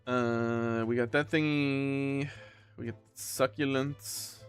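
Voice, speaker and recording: A man's voice: mid-range voice, steady tone, slow, clean tone, faint music behind. A man streaming a video game, reading its dialogue aloud and joking around, catching his own slips as he goes. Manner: jokey, reads lines aloud, self-correcting. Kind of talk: casual gaming commentary, reading dialogue aloud.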